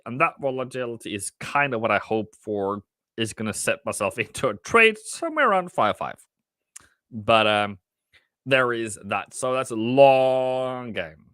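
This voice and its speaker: A man's voice: medium pitch, pushed and bright, smooth, dry recording, studio quality. A man working as a trading mentor, giving casual live-stream market commentary in a rambling, self-mocking, jokey way.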